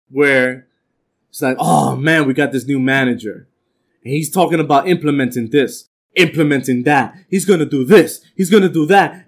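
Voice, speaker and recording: A man teaching an informal bible class, telling stories from his working life and acting out the voices of the people in them. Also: on the high side. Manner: animated, acts out quoted voices, streetwise New York slang.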